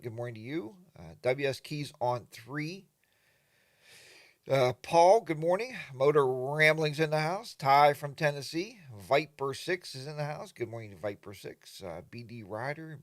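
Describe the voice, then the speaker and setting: A man hosts a relaxed morning chat stream from his home studio, talking into a desk mic. His voice sits at an everyday pitch and sounds dry and close. He wanders from topic to topic with plenty of fillers. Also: no room sound. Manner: rambling, chatty, lots of fillers, greets viewers. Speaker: livestream host.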